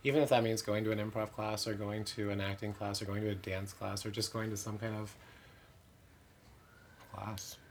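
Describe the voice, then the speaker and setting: A man's voice: lowish voice, flat delivery, normal speed, slight background noise. A man who performs in drag, chatting candidly in an interview with many "like" fillers and self-mocking asides. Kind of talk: casual interview chat.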